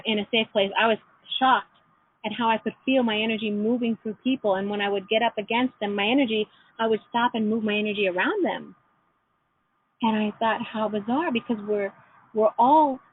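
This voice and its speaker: A middle-aged woman leading an online class, telling personal stories in a gentle, reflective way. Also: on the high side, husky. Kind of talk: teleclass lesson with personal stories. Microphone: phone or computer call. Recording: tinny phone line.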